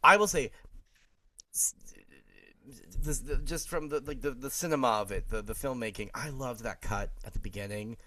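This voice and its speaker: A man co-hosting a podcast in a casual chat reviewing a TV episode, animated and halting, swearing and laughing often. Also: mid-range voice, slight background noise. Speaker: podcast co-host.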